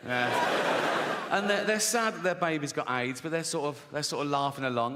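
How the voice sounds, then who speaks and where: A man's voice: a little high, a little fast. A man with an English accent doing a provocative, sweary stand-up routine in a conversational way. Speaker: stand-up comedian. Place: large live venue. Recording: echoey hall with audience noise.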